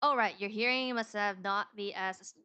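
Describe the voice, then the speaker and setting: A woman's voice: medium pitch, normal speed, pushed and bright, slight background noise, natural voice. Woman reading as a confident young lady lawyer. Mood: explaining. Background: game music.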